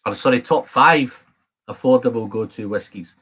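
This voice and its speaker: A man's voice: medium pitch, moderate pace, fairly bright tone, slightly rough. A man hosting a whisky live stream from a home studio, chatting in a rambling, self-deprecating way. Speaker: whisky channel host. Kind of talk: casual live-stream chat.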